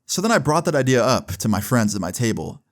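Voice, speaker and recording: A man's voice: medium pitch, very animated, quick pace. A man telling a personal school story in a casual storytime vlog, full of swearing and fillers like "right?". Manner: casual, profane, filler-heavy.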